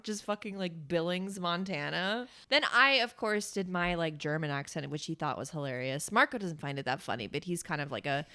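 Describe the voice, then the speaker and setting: A woman's voice: fairly quick, hardly any pauses. A young woman co-hosting a podcast, chatting casually and telling stories with casual swearing. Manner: expressive, swings widely in pitch, swears casually. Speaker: podcast co-host. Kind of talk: casual chat.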